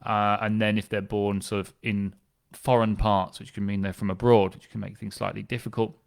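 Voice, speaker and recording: Low-voiced man explaining genealogy records. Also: flat delivery, normal speed, gravelly, smooth. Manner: conversational, with fillers and restarts, enthusiastic. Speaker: family history specialist.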